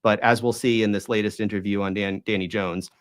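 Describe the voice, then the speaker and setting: A man's voice: lowish voice, steady tone. A man being interviewed, speaking in a conversational way with many restarts and rhetorical questions. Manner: talks in halting restarts and hedges, often asks rhetorical questions. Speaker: guest.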